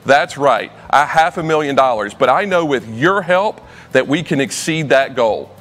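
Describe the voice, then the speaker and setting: A man's voice: medium pitch, animated, moderate pace, fairly bright tone, in a large hall. A man working as auctioneer, making a rousing fundraising appeal in a studio and calling out donation levels.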